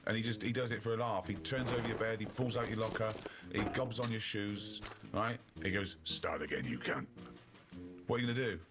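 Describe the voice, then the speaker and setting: A man's voice: on the low side, steady tone, fast talker, few pauses, loud music behind the voice. A man hosting a casual chat, teasing and mocking, slipping into put-on voices. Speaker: show host.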